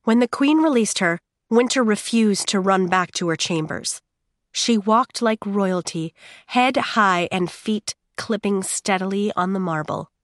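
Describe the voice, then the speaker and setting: Woman reading an audiobook, steady and measured, mid pitch, dry close sound. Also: no echo. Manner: steady, measured, drawn-out pauses. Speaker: audiobook narrator. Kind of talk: dramatic audiobook narration.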